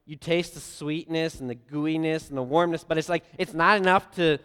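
Male preacher, fairly high smooth voice, animated storyteller, big echoing sanctuary. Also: moderate pace. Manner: lively storytelling with playful voiced asides. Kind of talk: sermon. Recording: long hall reverb.

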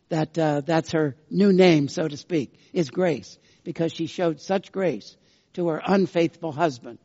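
High-voiced pastor in a reverberant church. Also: male voice, a little mellow. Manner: folksy storytelling, unhurried. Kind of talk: sermon with humorous stories. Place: church sanctuary. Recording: dull lo-fi sound with long church reverb.

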